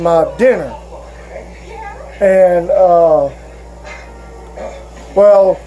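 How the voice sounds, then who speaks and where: Slow, halting man. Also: high voice, warm tone, rough recording. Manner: halting, rambling, with frequent restarts. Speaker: vlogger. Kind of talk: casual personal storytelling.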